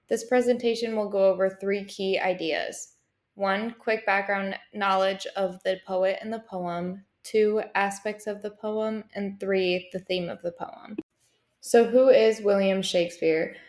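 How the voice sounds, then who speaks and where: A young woman reading a school presentation aloud, in a steady, careful way with pauses between listed items. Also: medium pitch. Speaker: student presenter. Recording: roomy, echoey sound.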